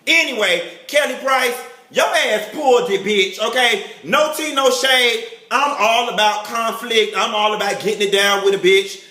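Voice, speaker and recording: A man giving a campy, catty review of a reality show, heavy on slang and drawn-out exclamations. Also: very high-pitched, bright, forceful tone, echoey room. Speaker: celebrity gossip vlogger.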